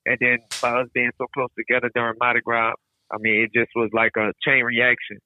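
A man's voice: medium pitch, completely flat delivery, brisk, a little hiss or hum. A man with a New Orleans accent, a flag football player who is a guest on a podcast and answers in an easygoing, plain-spoken way. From New Orleans, United States. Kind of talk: casual interview answers. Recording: tinny, dry phone line.

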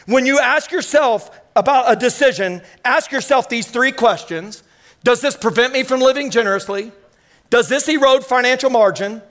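A man with a very high-pitched voice preaches with lively energy. He tells a story from the pulpit, breaking into excited exclamations as he goes. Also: normal speed. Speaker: pastor. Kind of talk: sermon.

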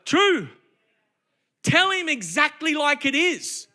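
A man preaching a sermon, emphatic and conversational, slipping into quick acted asides. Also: very high-pitched, very animated, sharp tone.

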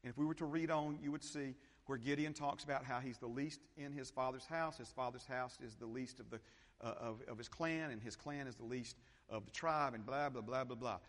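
Animated preacher with hall reverb. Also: male voice, mid-range voice, brisk. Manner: animated preacher, repeats phrases and checks in with the congregation. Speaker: pastor. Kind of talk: sermon. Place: church sanctuary.

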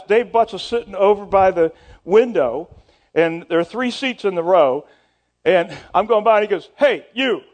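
A man's voice: on the high side, a little mellow. A middle-aged male pastor telling a story in a sermon, casual and self-deprecating, often repeating and restarting words.

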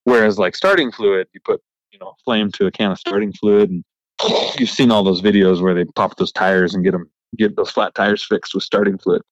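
Man, trucker host, animated storytelling, dry muffled remote audio. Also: deep voice, moderate pace, no echo. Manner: animated, frustrated, laughing retelling. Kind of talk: casual storytelling. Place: remote recording.

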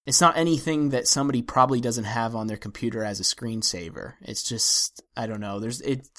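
A man's voice: medium pitch, brisk, a bit bright. A man hosting a film podcast in casual discussion, talking in a wry, hesitant way with many restarts. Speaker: podcast host.

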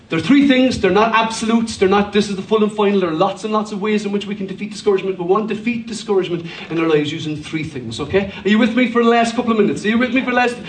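A male pastor preaching a sermon emphatically, with rhetorical questions and humor, in a church hall. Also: sits high. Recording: echoey hall, voice from a distance.

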